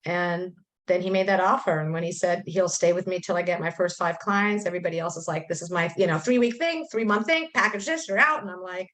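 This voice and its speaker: A woman's voice: on the low side, a little fast, hardly any pauses. A middle-aged woman on a video call, chatting emotionally and at length about her coaching journey, often acting out what she and others said. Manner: talkative, animated, quotes herself and others. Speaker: coaching student sharing her story.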